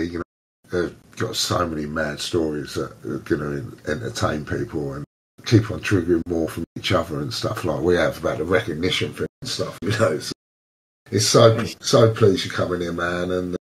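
An English man hosting a casual online chat, telling lively anecdotes and slipping into voices for the people in them. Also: deep voice, normal speed. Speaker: host.

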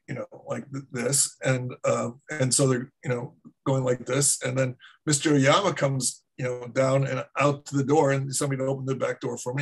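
Middle-aged male martial arts teacher, husky voice, loose meandering storyteller. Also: medium pitch, poor audio. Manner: rambling, many fillers and restarts. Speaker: martial arts instructor and guest. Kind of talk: casual anecdote storytelling.

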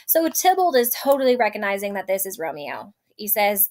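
A woman's voice: mid-range voice, big pitch swings, a little fast, few pauses. A woman teacher explaining a play line by line in a casual way, with frequent ums and rephrasings.

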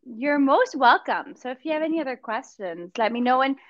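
A woman's voice: sits high, lively intonation, a little fast, no room sound. Woman gushing about food in a chatty way, kinda muffled sound. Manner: chatty and enthusiastic, fond of food. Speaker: guest presenting a holiday gift hamper. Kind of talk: casual video-call chat.

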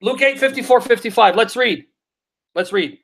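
On a live Bible Q&A stream, a man with a very high-pitched, fairly bright voice reads scripture in a slow, deliberate cadence and answers viewer comments. He is emphatic, repeating his questions to drive each point home.

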